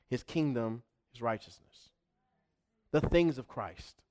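A middle-aged male pastor preaching a sermon, emphatic, repeating himself and swinging between loud and hushed. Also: mid-range voice, takes it slowly.

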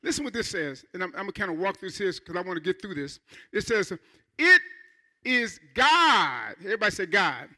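Bright high-voiced male preacher. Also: big pitch swings, normal speed. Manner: fervent preaching with call-and-response. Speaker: pastor. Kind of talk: sermon. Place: church.

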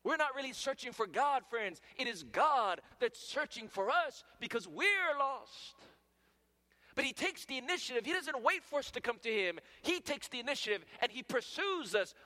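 A man preaching a sermon, calling out to his listeners as friends, rising to loud emphatic peaks and dropping to hushed near-whispers. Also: very high voice, very animated, moderate pace. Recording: long hall reverb.

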